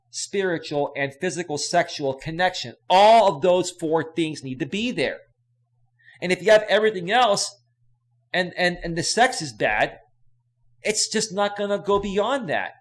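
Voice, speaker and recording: A man coaching on relationships in a casual live stream, emphatic and repetitive, reading out viewer questions. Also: fairly high pitch. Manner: emphatic, repetitive, reads chat questions aloud.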